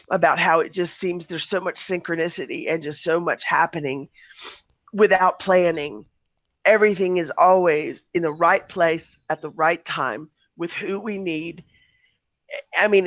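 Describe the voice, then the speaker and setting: A man recovering from the flu, chatting on a podcast in a rambling way with many halting restarts. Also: fairly high pitch, a bit bright, dry recording. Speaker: podcast co-host. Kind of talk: casual chat. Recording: dull dry lo-fi mic.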